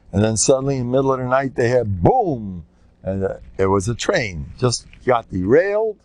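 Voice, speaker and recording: A man's voice: medium pitch, no room sound. An older man, a rabbi, teaching an informal class and telling rambling stories, often laughing and restarting his sentences. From United States. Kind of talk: informal Torah talk with anecdotes.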